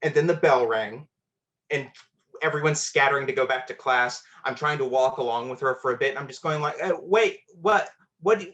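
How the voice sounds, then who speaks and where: A man's voice: mid-range voice, fairly bright tone. A man telling a personal story on a storytelling show, conversational and self-deprecating, with fillers.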